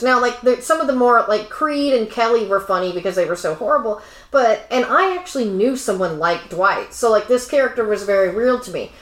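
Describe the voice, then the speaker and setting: A woman's voice: fairly high pitch, a bit bright. Blunt, opinionated woman in an echoey room. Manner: opinionated, blunt, many fillers. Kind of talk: casual chat.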